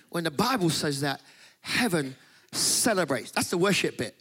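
Middle-aged male preacher, high-pitched, animated storyteller, quick to laugh. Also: husky. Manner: animated, laughs often, acts out voices in stories. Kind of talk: sermon with comic storytelling.

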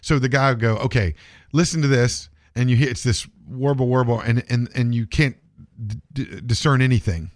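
Male podcast host, casual and rambling, profane, mid-pitched, dry mic. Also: normal speed, few pauses, dry recording. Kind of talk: casual chat.

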